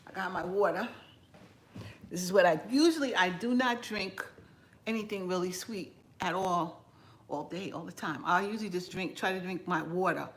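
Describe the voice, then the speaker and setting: A woman's voice: on the low side, normal speed. Chatty woman eating on a live stream. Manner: chatty and relaxed, talks between bites and greets viewers by name; laughs often. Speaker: home cooking channel host. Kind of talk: casual live chat while eating.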